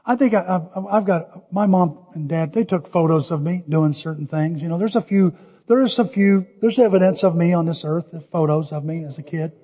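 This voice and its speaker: Older male pastor, high husky voice. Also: normal speed. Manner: animated storytelling, shouting cheers in quotes. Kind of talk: sermon. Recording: dull lo-fi audio with long hall reverb.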